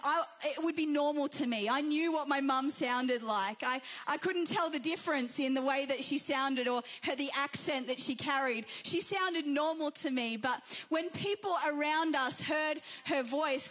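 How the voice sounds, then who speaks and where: A woman's voice: sits high, fairly bright tone. A woman preaching a fervent sermon in a church, building repeated phrases with rising intensity. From Australia and New Zealand. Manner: fervent, repetitive preaching cadence.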